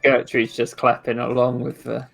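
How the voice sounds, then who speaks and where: A player in a tabletop fantasy game, speaking in a calm, understated way. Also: medium pitch, moderate pace, vocal fry. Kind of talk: playing a character in a tabletop game.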